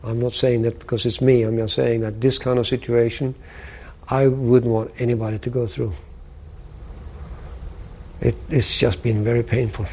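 A bereaved father speaking slowly and haltingly about grief in an interview. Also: medium pitch, level tone, darkish tone, a little hiss or hum. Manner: slow, grieving, halting.

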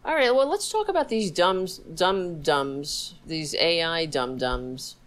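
A woman's voice: low voice, animated, takes it slowly, rough recording. A woman hosting a casual political livestream, sarcastic and profane, chatting to her dog between topics. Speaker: livestream host.

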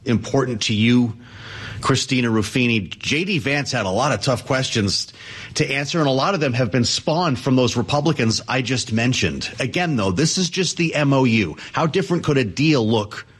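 A man hosting a live news segment, his voice husky and slightly raspy. He keeps things breezy, ribbing his guests between questions. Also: medium pitch, lively intonation, moderate pace, a bit bright. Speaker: news anchor.

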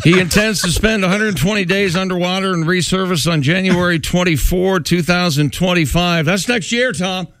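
A man's voice: high-pitched, fairly bright tone, no room sound, studio quality, soft background music. Man reading wacky news on a talk show. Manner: reads briskly, breaks into laughter, does bits. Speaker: news desk presenter on a comedy talk show. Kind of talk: reading news stories with jokes.

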